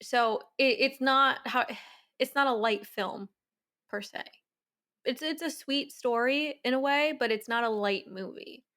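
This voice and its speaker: A woman's voice: sits high, a little slow, pushed and bright. A woman co-hosting a film review podcast, talking casually and laughing along with her friend. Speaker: podcast co-host.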